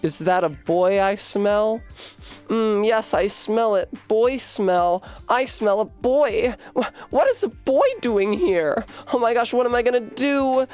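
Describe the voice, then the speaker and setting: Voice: medium pitch, a little mellow, pitched above the performer's own voice, lightly acted. A streamer voicing a giddy ghost girl who is obsessed with the smell of boys, in a game. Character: breathless boy-crazy ghost girl. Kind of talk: dramatic reading of game dialogue.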